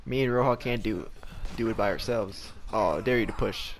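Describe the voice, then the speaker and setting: Young male gamer, lowish voice, cursing live commentary, faint hiss behind. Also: moderate pace. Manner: frustrated, swearing, rants at the game. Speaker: gameplay streamer.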